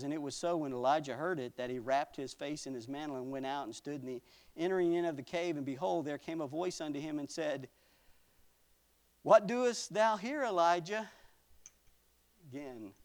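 A man's voice: medium pitch, fast talker. A man preaching a sermon, reading old scripture aloud and adding folksy asides, dropping to a near whisper at times. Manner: dramatic swings from loud to near whisper; folksy asides with small laughs.

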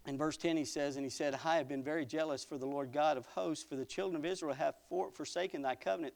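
Guy preaching, bit high voice, reads scripture then chats about it, gets real quiet sometimes. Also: brisk, creaky, hardly any pauses. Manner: dramatic swings from loud to near whisper; folksy asides with small laughs. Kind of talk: sermon reading scripture with commentary.

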